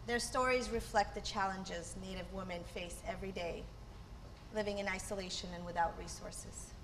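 A woman presenting the introduction to a theater piece in a measured, informative way. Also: mid-range voice, fairly even intonation, background noise. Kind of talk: read stage introduction.

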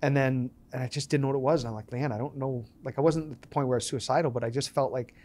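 A man's voice: mid-range voice, quick pace. Man telling stories in a podcast interview. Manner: animated storyteller acting out quoted dialogue. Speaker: podcast guest. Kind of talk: storytelling interview.

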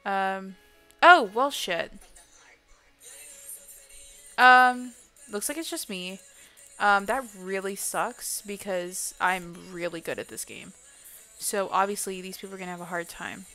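A woman's voice: mid-range voice, unhurried, pushed and bright. A young adult woman chatting casually to viewers on a gaming live stream, swearing freely and blurting out exclamations. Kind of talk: casual live-stream chat while playing. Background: faint music.

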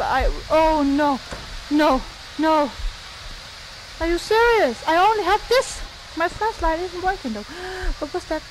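Very high-voiced, jumpy young woman gamer. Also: a little hiss or hum, rough recording. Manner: swears, nervous self-talk, swings to shrieks. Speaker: gaming YouTuber. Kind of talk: horror game let's play.

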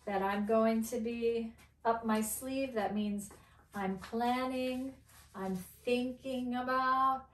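A middle-aged woman teaches English to learners at a very slow, careful pace, spelling words out and mixing in Arabic phrases. Her voice sits a little high. She sounds set back from the mic in a roomy, echoing space. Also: recorded from a distance.

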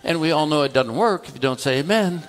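A man's voice: a little high, lively intonation, fast, a little hiss or hum. A male pastor telling a story in a conversational sermon, acting out the dialogue between the people in it. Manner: conversational, tells a story through quoted dialogue. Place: church.

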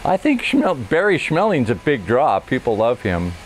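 A man hosting a show, talking casually and negotiating in a low-key, chatty way. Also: huge pitch swings, normal speed, slight background noise. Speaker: host. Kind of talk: casual comedic talk.

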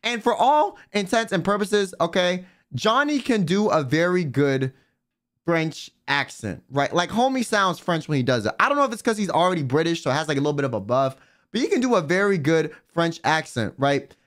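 On his livestream, a young VTuber tells stories in a loose, casual way, his somewhat high voice leaping widely in pitch. He swears freely and scatters filler words throughout. His pace is normal and his tone fairly bright.

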